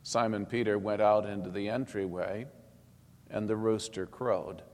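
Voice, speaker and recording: A man reading a Bible passage aloud in a steady, solemn manner. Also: fairly low pitch, unhurried. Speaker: scripture reader. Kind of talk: scripted Bible narration. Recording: long hall reverb.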